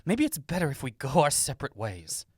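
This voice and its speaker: A man's voice: medium pitch, huge pitch swings, brisk, a little mellow, husky, no echo, studio quality. A man voicing a young female witch student in a put-on British accent, indignant and scornful.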